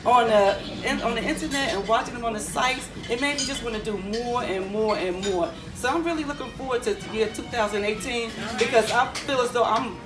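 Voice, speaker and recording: A woman with a somewhat high voice gives an emphatic personal testimony to a running group, laughing often. She is picked up from a distance in an echoey room. Music plays behind her and a crowd murmurs. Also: fairly quick, few pauses.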